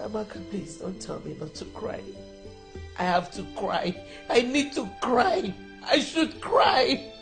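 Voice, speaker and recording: A woman's voice: huge pitch swings, takes it slowly, vocal fry, pauses often, darkish tone, heavily acted. An actress playing a grieving mother who pleads and weeps. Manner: weeping, pleading, swings high and low. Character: grieving middle-aged mother, weeping, desperate. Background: background music.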